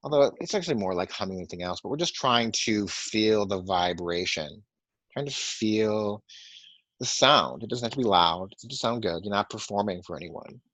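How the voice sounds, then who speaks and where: Deep-voiced calm male meditation guide. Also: dry recording. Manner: calm, soft-spoken guidance, counting slowly. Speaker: meditation and sound healing teacher. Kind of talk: guided breathing and toning instruction. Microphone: webinar microphone. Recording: dry, muffled webinar audio.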